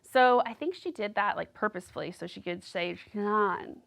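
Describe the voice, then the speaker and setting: A woman's voice: mid-range voice, lively intonation, normal speed, gravelly, a bit bright. A woman hosting a casual solo podcast, gossiping and rambling with lots of "like". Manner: gossipy, rambling, heavy use of "like". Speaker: podcast host.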